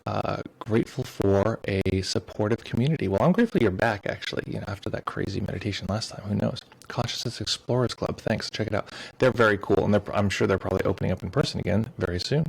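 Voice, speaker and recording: A man's voice: lowish voice, fast talker, creaky, hardly any pauses, slightly rough, low-quality recording. A man hosting a meditation livestream in a casual, joking way, reading viewer comments aloud. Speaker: meditation teacher. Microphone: streaming mic with headphones.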